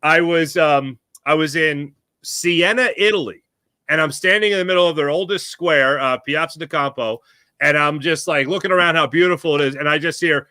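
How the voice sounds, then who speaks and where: Male podcast guest, middle-aged, casual sports chat, lively storyteller, high tense voice. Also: moderate pace, dry recording. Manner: animated storyteller, acts out quotes.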